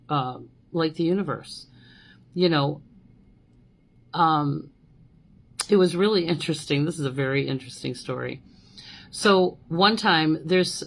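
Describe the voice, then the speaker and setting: Low-voiced woman podcast host telling a story. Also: low-quality recording. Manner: animated, repeats "okay?" and "you know", acts out quoted voices. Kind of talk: casual storytelling monologue.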